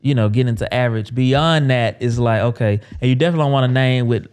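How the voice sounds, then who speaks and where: A smooth, resonant man's voice in a relaxed business conversation, animated and full of quick asides. He sits in his mid-range pitch and talks like an agency owner chatting on a podcast. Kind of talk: casual business chat.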